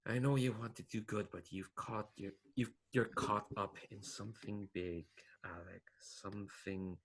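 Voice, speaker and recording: A man voicing the ghost of a male alchemist who acts as a mentor, speaking in a soft, slow, chiding way. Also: on the low side, steady tone, slightly rough, exaggerated voice, rough recording. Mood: ominous.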